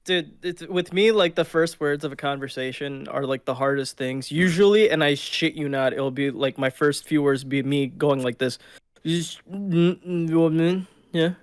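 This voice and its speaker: A man's voice: mid-range voice, moderate pace, hardly any pauses, clean tone, no room sound. A man in his thirties co-hosting a casual podcast, joking crudely about himself. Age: 30s. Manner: self-mocking, crude joking. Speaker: podcast co-host.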